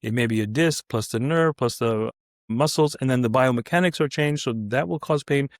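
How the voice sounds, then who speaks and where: A middle-aged man, a physician guest in an interview, telling stories in a casual, animated way with many restarts. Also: mid-range voice, moderate pace, no echo, studio quality. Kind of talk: casual anecdotal storytelling.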